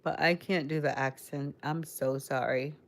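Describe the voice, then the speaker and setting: A female livestream host speaks in a low, steady voice at a measured pace, rambling casually and addressing her chat directly. She comes from the Caribbean but grew up in Connecticut, giving her a Caribbean accent blended with American.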